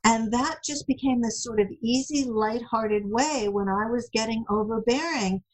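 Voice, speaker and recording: A middle-aged woman, a guest in an interview, telling lively stories and acting out quoted lines. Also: a little high, moderate pace, low-quality recording. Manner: animated storyteller, acts out quotes. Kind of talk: casual interview chat.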